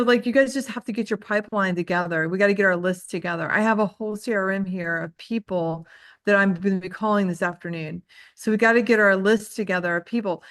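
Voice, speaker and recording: A woman's voice: mid-range voice, fairly bright tone, no room sound, clean studio sound. Chatty woman coaching with candid stories. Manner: chatty storytelling, heavy use of "like"; self-deprecating and candid. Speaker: real estate trainer. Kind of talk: casual group coaching talk.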